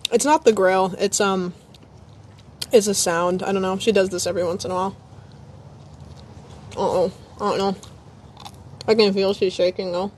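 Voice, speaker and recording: A woman's voice: mid-range voice, a little mellow, slight background noise. A woman live-streaming from her phone at home, chatting casually to her viewers and her dog as she grills. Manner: chatty, rambling, talks to her dog and chat.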